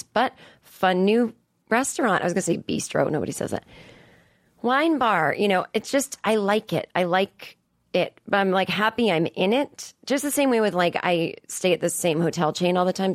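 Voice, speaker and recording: A woman's voice: fairly low pitch, no echo, studio quality. Exasperated, profane woman in her forties. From Boston area. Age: 40s. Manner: profane, exasperated rant with frequent emphatic rises. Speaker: comedian podcast host. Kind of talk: casual monologue. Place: studio. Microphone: studio mic.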